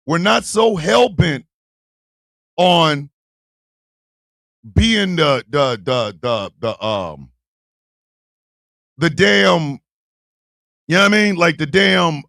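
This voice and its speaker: A man hosting a live stream, talking loud and profane and laughing often. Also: sits high, vocal fry, dry recording, studio quality.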